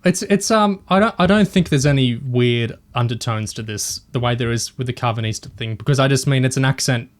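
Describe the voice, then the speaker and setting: A man's voice: mid-range voice, fairly quick, hardly any pauses. Opinionated man on a podcast. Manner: hesitant, restarts often, opinionated. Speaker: podcast co-host. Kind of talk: casual discussion podcast.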